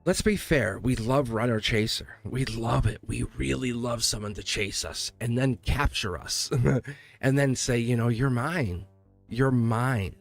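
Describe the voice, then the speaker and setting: A man doing a live tarot reading, talking in an excitable, rambling way and laughing often between thoughts. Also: medium pitch, measured pace, creaky, no echo, faint music behind. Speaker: tarot reader.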